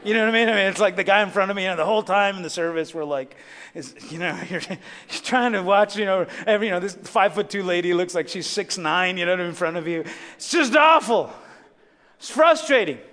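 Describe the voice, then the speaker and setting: A middle-aged man preaching a sermon as a chatty, animated story with many asides to the congregation. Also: sits high, fast. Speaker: pastor. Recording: long hall reverb.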